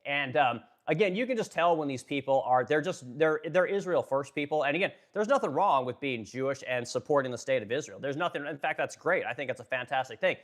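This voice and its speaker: A man hosts a casual political commentary live stream, talking fast and bluntly. His voice sits a bit high for a man. He swears freely and leans on fillers like "right?" and "you know". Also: animated. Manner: blunt, profane, filler-heavy. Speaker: live-stream host, furniture business owner.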